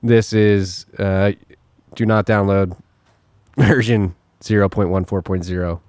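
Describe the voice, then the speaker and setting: A man's voice: lowish voice, fairly even intonation, slow pace, a little mellow, no echo. A man co-hosting a casual podcast, joking and laughing often, and running through a list of updates. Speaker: podcast co-host.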